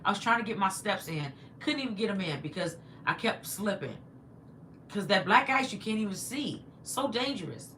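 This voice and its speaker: A woman's voice: medium pitch, moderate pace, a little hiss or hum. A woman hosting a casual livestream from inside her house, chatting with viewers and reading their comments aloud. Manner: chatty and animated, talks back to viewers and her pet. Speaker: livestream host.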